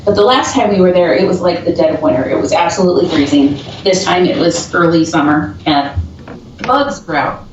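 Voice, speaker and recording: Heard through echoey, dull, distant call audio with a faint noise bed, a woman with a fairly low voice talks briskly. She's a paranormal investigator swapping stories in casual chat and laughing often.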